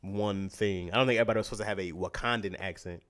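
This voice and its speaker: A man's voice: on the low side, very fast. A young man co-hosting a podcast in casual chat, telling stories with jokes and laughs. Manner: joking, animated storytelling. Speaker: podcast co-host.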